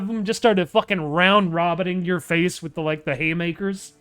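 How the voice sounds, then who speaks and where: A man commenting crudely and loudly on a game he is playing, swearing a lot, laughing often and rambling between lines he reads aloud. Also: high-pitched, fairly even intonation, normal speed, clean tone. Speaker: gameplay streamer.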